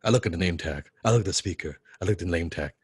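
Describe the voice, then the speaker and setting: Man, fairly low voice, casual motivational storytelling, animated, repeats words, laughs a lot, dry close sound. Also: rapid-fire, breathy edge, dry recording. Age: young adult. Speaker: business coach.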